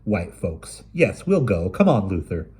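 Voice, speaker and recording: Male reader as a belligerent woman cook in a read-aloud story, booming, husky. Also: sing-song, unhurried, mellow, full character voice. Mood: defiant. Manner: booming, defiant.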